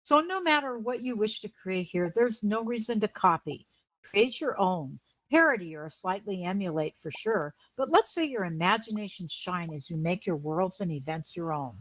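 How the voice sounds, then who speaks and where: A woman's voice: medium pitch, lively intonation, moderate pace, dry recording, poor audio. Earnest woman co-host reading news. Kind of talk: scripted news read.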